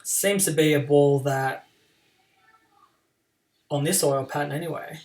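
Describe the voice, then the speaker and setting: A man's voice: on the high side, fairly even intonation, unhurried, a little mellow, recorded from a distance. A man streaming a game live and chatting casually about his play, with playful trash talk toward his opponent.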